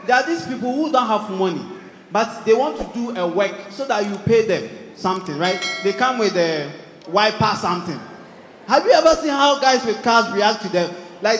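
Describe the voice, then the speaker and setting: A young Ghanaian man with a Ghanaian English accent doing animated stand-up comedy, acting out characters with shouts. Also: extremely high pitch, echoey room, long reverb tail, a little hiss or hum. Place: large hall with live audience.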